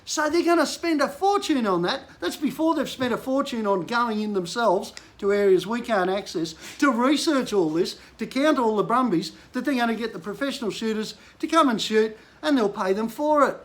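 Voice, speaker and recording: A man's voice: very high voice, lively intonation, normal speed, hardly any pauses. An older man from Queensland with an Australian accent, a bush mechanic venting frustration in a blunt political rant to camera. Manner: frustrated, blunt, rising to angry outbursts.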